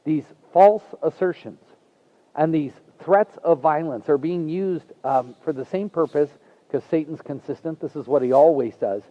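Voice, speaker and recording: A pastor delivers his sermon in a fairly high male voice, talking to his congregation the way he'd talk to friends. He is earnest and folksy, slipping easily into personal asides. The recording sounds dull and lo-fi. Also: moderate pace.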